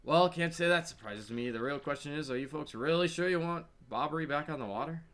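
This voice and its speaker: A man voicing a world-weary bartender who tells a sad tale in a soft, somber way. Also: on the high side, a little fast, close to an everyday voice. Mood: gruff. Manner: somber storytelling, dropping soft. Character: gruff male bartender, world-weary storyteller.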